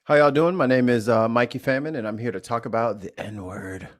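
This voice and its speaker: A St. Louis man, a guest on a podcast, tells candid stories in a medium-pitched voice at a slightly fast pace. He is blunt and profane and often restarts his sentences.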